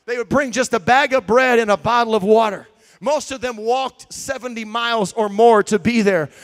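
A man preaching a sermon, telling stories with swings between shouts and quiet asides. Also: very high-pitched, normal speed. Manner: shouting, animated storytelling with swings from loud to quiet.

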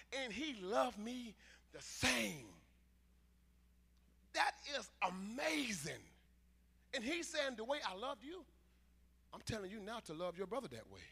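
A man delivers a passionate sermon in a very high, piercingly bright voice. He stretches key words out slowly, then swings between shouted lines and quiet asides. His voice rings with the long reverb of a church hall. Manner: drawn-out emphatic phrasing. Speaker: preacher.

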